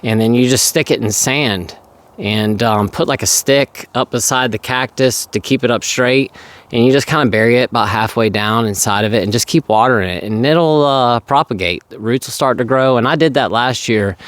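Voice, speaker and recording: A man talking casually to his viewers in a rambling vlog, hoarse and losing his voice, clearing his throat often. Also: medium pitch, normal speed. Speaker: vlogger.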